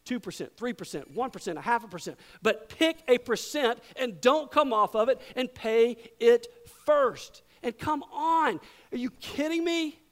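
High-voiced animated male preacher. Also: a little slow. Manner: animated storytelling, swinging from loud to hushed. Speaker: pastor. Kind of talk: sermon.

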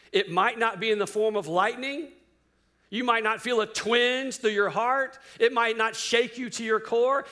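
A man preaching a sermon, firing rhetorical questions at his listeners and swinging between loud emphasis and hushed lines. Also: high voice. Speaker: pastor.

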